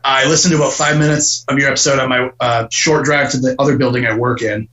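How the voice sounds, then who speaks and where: A man from Wisconsin guesting on a podcast, quick and self-mocking. His voice is bright and pushes forward, with a middling pitch. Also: steady tone, muffled recording. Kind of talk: casual podcast chat.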